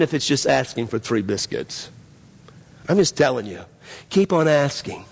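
Male pastor, gravelly voice, emphatic repetitive sermon delivery, long church-hall reverb. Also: mid-range voice, very animated, moderate pace, long pauses. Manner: repetitive, emphatic preaching with many restarts. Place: church sanctuary.

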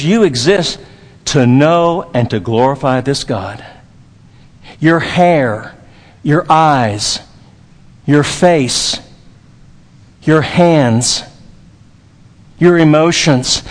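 High-voiced emphatic preacher in a hall. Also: male voice. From Dallas, Texas. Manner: emphatic, repetitive, with folksy humor. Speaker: pastor. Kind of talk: sermon.

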